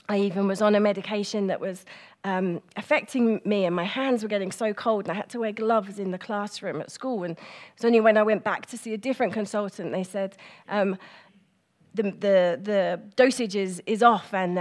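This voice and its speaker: A middle-aged woman giving a personal, reflective church talk, speaking gently with pauses and fillers. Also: medium pitch.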